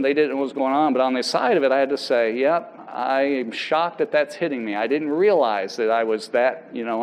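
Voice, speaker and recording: A man preaching to his church in a loose, talky way, stopping and restarting his phrases as he tells a story. His pitch sits in an ordinary middle range. A faint hum of noise runs under the recording. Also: low-quality recording. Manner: conversational, halting restarts, quotes people aloud. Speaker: pastor. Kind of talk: sermon with personal story.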